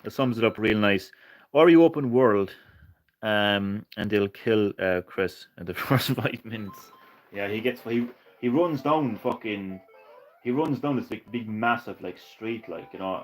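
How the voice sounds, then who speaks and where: A man streaming retro games live, ranting and swearing with bursts of excitement and laughter. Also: fairly low pitch, rough recording. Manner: ranting, profane, excitable, laughs at own jokes. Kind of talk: casual live-stream chat.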